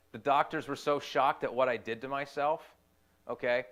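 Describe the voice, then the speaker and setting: A young man, a youth ministry volunteer, giving a personal testimony in an earnest, halting way, often repeating his phrases. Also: mid-range voice, fairly even intonation, a bit bright.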